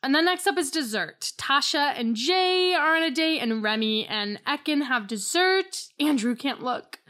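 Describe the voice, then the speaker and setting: A young woman with a slightly high voice, chatting casually as a podcast co-host. She reads off her notes in a wry, dry way, with easy asides. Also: animated, measured pace, bright, forceful tone. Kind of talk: casual chat recapping a reality show.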